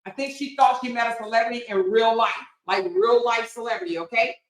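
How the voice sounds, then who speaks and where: A woman hosting a casual gossip livestream, loud and animated, cussing freely and acting out the quotes she reads. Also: fairly high pitch, brisk, reverberant, rough recording. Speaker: gossip channel host.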